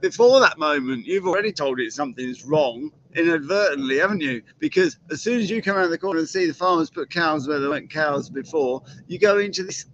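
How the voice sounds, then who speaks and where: A man's voice: on the high side, a bit bright, slight background noise. Chatty male horse trainer, lo-fi. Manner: chatty, asks rhetorical questions. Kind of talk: casual live-stream teaching talk.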